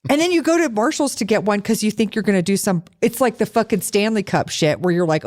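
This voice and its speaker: A woman's voice: medium pitch, fast talker, hardly any pauses. Sarcastic, profane woman podcast co-host. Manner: profane, sarcastic, animated storytelling. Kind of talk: casual chat.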